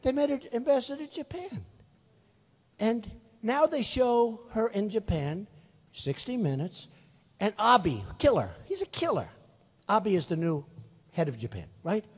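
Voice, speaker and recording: A man's voice: high-pitched, big pitch swings, unhurried, breathy edge. A man in his sixties giving a rambling, repetitive, emphatic rally speech in a large venue. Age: 60s. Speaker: political candidate. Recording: reverberant hall.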